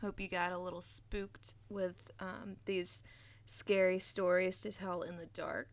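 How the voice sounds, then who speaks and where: A woman hosting a horror podcast who reads a scary story with steady, dramatic storytelling and closes with a relaxed, chatty sign-off. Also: lowish voice, a little slow.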